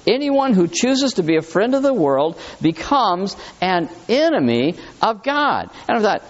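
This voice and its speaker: A man preaching a sermon in a conversational, animated way, reading scripture aloud and talking it through with his listeners. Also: sits high, a little slow, hardly any pauses, highs cut off. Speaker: pastor.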